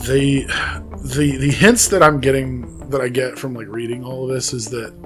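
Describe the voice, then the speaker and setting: A man's voice: mid-range voice, fairly even intonation, moderate pace, soft background music. A man co-hosting a podcast, casually retelling a case with fillers and laughs. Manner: conversational storytelling with fillers and laughs. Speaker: podcast co-host. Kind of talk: casual chat.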